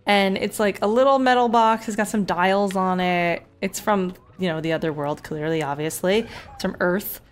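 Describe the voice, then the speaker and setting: A woman streamer in casual gameplay commentary, telling stories in a chatty, animated way and swearing often. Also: medium pitch, normal speed, faint music behind.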